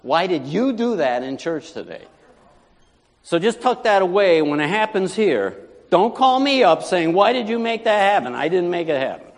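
A man preaching a sermon as pastor, animated, swinging from loud preaching to quiet asides. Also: sits high, normal speed, long reverb tail.

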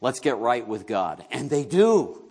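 A man's voice: medium pitch, big pitch swings, a little slow, a little mellow, husky. A man from New York preaching a sermon as pastor, talking conversationally, asking the congregation questions and joking with them.

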